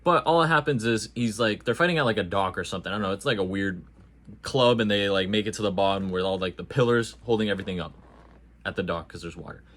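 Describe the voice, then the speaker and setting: A man with a fairly low voice gives a loose, casual movie review at a quick pace. He's animated and full of energy, packing his talk with slang and jokes.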